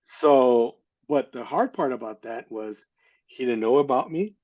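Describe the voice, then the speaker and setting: A man's voice: mid-range voice, a little slow. A middle-aged man telling a personal story in an interview, candid and earnest, often stopping to restart and repeat his words. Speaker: interview guest. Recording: slightly dull lo-fi audio.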